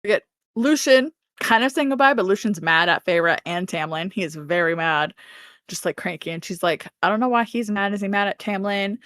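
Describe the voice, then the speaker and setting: Speaking a little fast with an animated, medium-pitched voice and a fairly bright tone, a podcast co-host chats casually through a book recap. She performs the characters' lines with laughter, and there's no echo on the recording.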